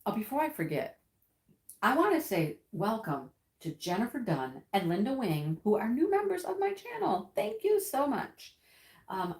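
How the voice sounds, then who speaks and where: A woman's voice: mid-range voice, a little mellow. A woman hosting a live stream and chatting casually with viewers, telling a story, laughing often and acting out what people said. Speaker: livestream host. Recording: roomy echoey room.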